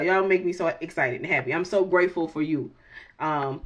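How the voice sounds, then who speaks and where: A tarot reader in her late thirties hosts her channel's video, talking casually and freely, swearing, joking and laughing a lot while blending prayer with banter. Her voice sits low, and she speaks fairly quickly.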